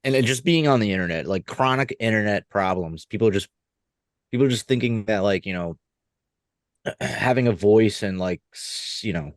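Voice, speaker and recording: A man co-hosting a podcast in casual chat, rambling and halting as he makes a point. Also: fairly low pitch, dry recording, clean studio sound. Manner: rambling, halting, lots of fillers and restarts. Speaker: podcast co-host.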